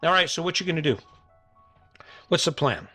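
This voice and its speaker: Very animated and fairly high-pitched, a middle-aged man hosts a motivational podcast on his own, his bright, forceful voice moving at a moderate pace over faint music. He talks to listeners earnestly and casually, with lots of repetition and restarted sentences.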